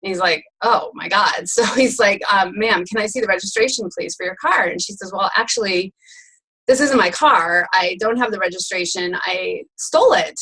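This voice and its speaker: Talky woman cohost, laughs a lot, mid-pitched, tells jokes with energy. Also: normal speed, breathy edge, rough recording. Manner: chatty, laughs often, animated storyteller. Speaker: co-host. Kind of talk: casual chat.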